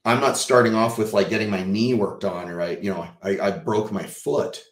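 A Texan man guesting on a podcast tells a personal story with lots of energy, swearing casually and acting out what people said. His voice sits lowish, his pace is moderate, and the sound is roomy.

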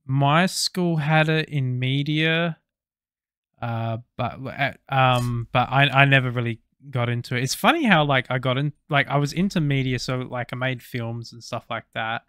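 A man's voice: medium pitch, normal speed, a bit bright, smooth, no room sound, studio quality. A young Australian man co-hosting a podcast, chatting casually and rambling with fillers and swearing. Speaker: podcast co-host. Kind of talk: casual chat.

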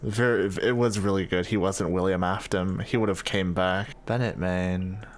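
A man's voice: low-pitched, fairly even intonation, normal speed, slight background noise. A man casually reading out and reacting to fan comments, joking and easily amused. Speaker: gaming video creator.

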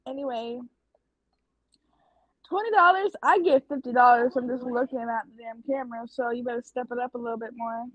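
Sassy high-voiced woman. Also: a little fast, no echo, lo-fi sound. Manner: sassy, confident. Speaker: video chat stranger. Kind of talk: casual video-chat banter.

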